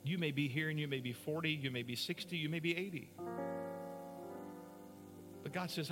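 A man preaching a sermon as pastor, earnest, moving between brisk talk and slow, soft passages. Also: a little high, faint music behind.

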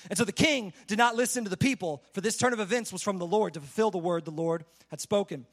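High-voiced man preaching casually. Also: quick pace. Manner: conversational, says "like" a lot. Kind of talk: casual sermon on a Bible passage.

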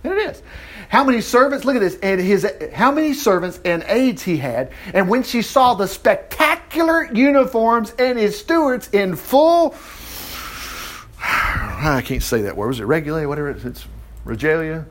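A pastor preaches a folksy sermon, reading scripture aloud and acting out little dialogues with jokes and laughs. He has a high voice with big pitch swings and speaks at normal speed.

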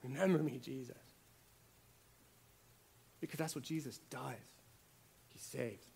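A man preaching a sermon, swinging between hushed, quiet lines and loud, emphatic ones, often repeating words for emphasis. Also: medium pitch, unhurried, creaky, a little hiss or hum.

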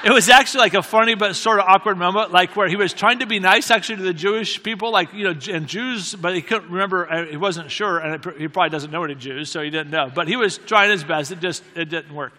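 Bright-voiced male preacher in a reverberant hall. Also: high-pitched, quick pace, hardly any pauses, a little hiss or hum. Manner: conversational, self-deprecating humor, repeats key phrases. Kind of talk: sermon storytelling. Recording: long reverb of a large hall.

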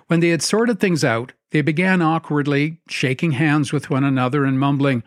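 A man reading a story aloud in a wry, measured storytelling manner. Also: a little high, no room sound, studio quality. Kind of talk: scripted narration.

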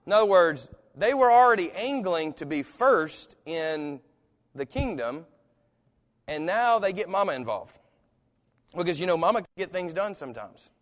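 A man's voice: sits high, expressive, normal speed. A man preaching a sermon in a casual, conversational way, acting out the voices of the people he quotes. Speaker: pastor. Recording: long hall reverb.

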